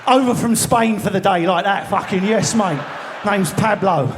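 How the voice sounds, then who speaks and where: A man's voice: sits high, moderate pace, background noise. A man with an Essex and London accent doing live stand-up comedy in a large theatre, brash, sweary and baiting the crowd. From Enfield, England.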